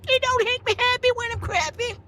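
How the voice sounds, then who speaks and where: A man putting on a whining elderly grandparent who complains in a voice pitched well above his own. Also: a little fast, noisy background. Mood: whiny. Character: whiny elderly grandparent in a diaper.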